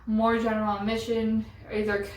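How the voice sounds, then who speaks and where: A young woman chats through a story in a slightly high voice with a flat, even delivery. Her tone is chatty and exasperated. She sounds set back from the mic in a roomy, echoey space. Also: normal speed. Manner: chatty, exasperated retelling with lots of "like". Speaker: vlogger. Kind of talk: casual storytelling chat. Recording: roomy echo, voice from a distance.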